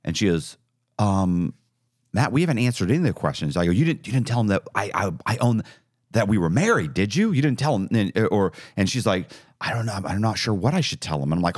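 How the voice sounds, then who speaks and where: A middle-aged man telling his story as a podcast guest, animated and acting out the dialogue. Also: fairly low pitch, brisk, dry recording, studio quality. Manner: animated, acts out quoted dialogue. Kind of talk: casual storytelling interview.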